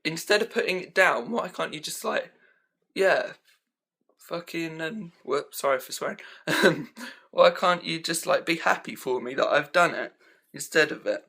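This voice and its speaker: Speaking at a moderate pace in a fairly high, gravelly voice with a sharp tone, a young man vents about his pet peeves for a vlog. He rambles with many "um"s and "like"s, and the clip was recorded at home on a handheld camera.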